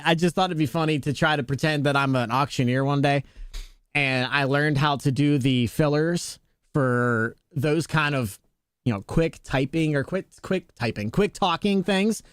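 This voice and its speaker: While gaming on stream, a young man talks casually to his chat, relaxed and joking, with playful pitch jumps when he's being funny. The sound is clean studio quality with no echo.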